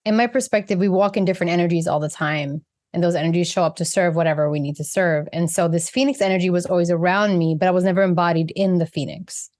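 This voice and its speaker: A woman who is a guest on a podcast, speaking in an expressive, earnest way about her inner life. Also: fairly low pitch, quick pace, hardly any pauses. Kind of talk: heartfelt spiritual conversation.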